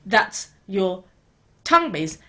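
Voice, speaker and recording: A woman gives a casual beatboxing tutorial for an online video. She talks in an easygoing way with a few fillers. Her tone stays steady and encouraging as she reassures learners. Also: mid-range voice, slow pace, heavy background noise. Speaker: beatboxing teacher.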